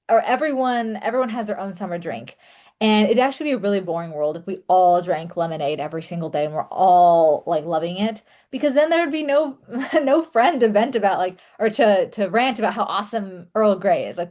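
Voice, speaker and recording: A young woman talking casually to her audience, chatty and relaxed, with many fillers and small laughs. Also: medium pitch. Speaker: author and content creator. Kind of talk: casual solo talk to camera.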